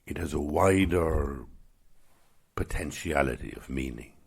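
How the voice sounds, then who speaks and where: A man hosting his own podcast, giving a gentle, musing spiritual talk at an unhurried pace. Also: extremely low pitch, expressive, vocal fry, breathy edge. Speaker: podcast host.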